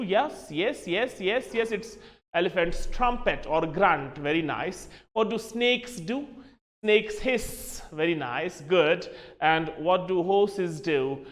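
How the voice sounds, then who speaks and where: A man's voice: sits high, slow pace, fairly bright tone, in a large hall. A man teaching a lesson, emphatic, spelling words out letter by letter and slipping into Hindi asides. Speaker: English teacher. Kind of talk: classroom lesson.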